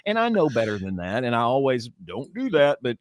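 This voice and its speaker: A man's voice: mid-range voice, brisk, no echo. A middle-aged man and former radio personality co-hosting a podcast, telling stories in casual chat, repeating words as he gets going. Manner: lively storyteller, repeats words when starting.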